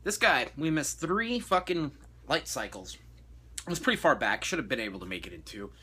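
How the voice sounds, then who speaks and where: A man's voice: medium pitch, very animated, moderate pace, pushed and bright, a little hiss or hum. A young man ranting casually and profanely about his day, exasperated and blunt. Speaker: vlogger. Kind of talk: casual rant.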